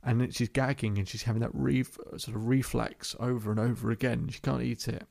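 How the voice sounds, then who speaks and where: With a medium-pitched voice marked by vocal fry, this hypnotherapist tells the story of a session in a calm monologue. He speaks slowly and repeats his phrases.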